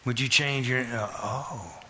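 A man preaching a sermon, questioning the congregation and repeating phrases in a steady rhythm. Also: medium pitch, measured pace, a little hiss or hum. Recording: reverberant hall.

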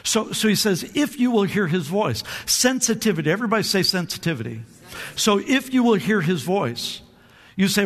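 A man's voice: high-pitched, sing-song, moderate pace, a bit bright. A male pastor preaching a sermon with lots of energy, calling on the congregation to answer back and often repeating his words as he restarts. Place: church sanctuary. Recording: long hall reverb.

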